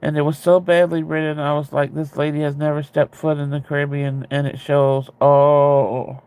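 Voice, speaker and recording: A man chatting casually with viewers, rambling and candid, with a ready laugh and a gravelly voice. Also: a little high, level tone, moderate pace, darkish tone. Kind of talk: casual chat.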